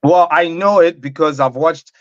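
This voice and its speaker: A man co-hosting a casual podcast, telling stories in a relaxed, chatty way with lots of fillers. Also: on the high side, moderate pace, a crowd in the background. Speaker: podcast co-host. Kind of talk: casual banter. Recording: dull dry lo-fi sound.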